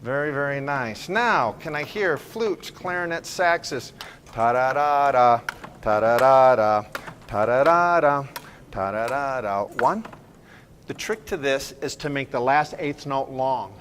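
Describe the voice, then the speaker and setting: A man leading a school band rehearsal, giving brisk, encouraging directions, counting off and singing phrases to show how they should sound. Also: fairly high pitch, expressive, fairly bright tone, slight background noise. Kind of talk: ensemble rehearsal instruction.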